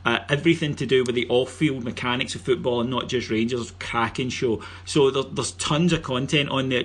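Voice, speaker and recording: This casual podcast features a middle-aged host with a Scottish accent who banters and jokes while delivering promotional announcements. His mid-range voice is a bit bright and slightly rough.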